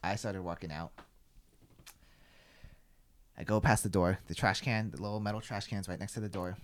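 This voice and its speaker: A man's voice: on the low side, fairly even intonation, normal speed. A young man hosting a podcast, telling a story in casual chat, rambling, swearing freely and filling with "like". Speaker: podcast host.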